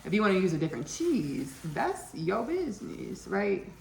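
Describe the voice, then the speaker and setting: A woman's voice: medium pitch, very animated, normal speed, vocal fry, darkish tone, echoey room, slight background noise. A woman from Texas with a Texan accent, hosting a casual home cooking video and chatting as she works, often repeating her phrases. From Austin, Texas. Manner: chatty, repeats phrases, laughs at own jokes.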